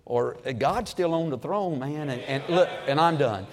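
A man preaching a sermon in a folksy storytelling way, building to loud, emphatic peaks. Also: on the high side, normal speed, big-room sound.

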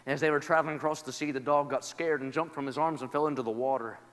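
A man delivering a sermon in a high, ringing voice. He swings between soft, personal testimony and loud, cadenced exclamations. The sound carries the long reverb of a big church hall. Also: steady tone, fast. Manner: builds from quiet testimony to shouted, rhythmic praise. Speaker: preacher. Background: congregation responding.

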